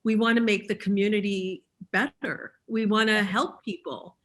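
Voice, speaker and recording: A woman's voice: medium pitch, fairly even intonation, moderate pace, a bit bright. Woman on a panel, earnest, lots of you know and i mean, mid voice. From Chicago. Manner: earnest, searching for words. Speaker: school owner, panelist. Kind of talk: panel discussion.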